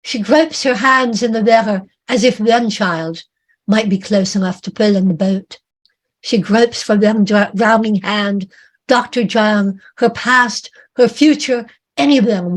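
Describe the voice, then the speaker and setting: A woman author reads her own fiction aloud at an unhurried pace. Her delivery is measured and dramatic. She lets each phrase land before moving on. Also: mid-range voice. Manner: slow, measured dramatic reading.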